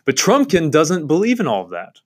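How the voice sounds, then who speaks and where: A man's voice: fairly high pitch, huge pitch swings, fairly quick. A man giving a devotional Bible-study talk on a novel, earnest and enthusiastic, with frequent fillers and restarts.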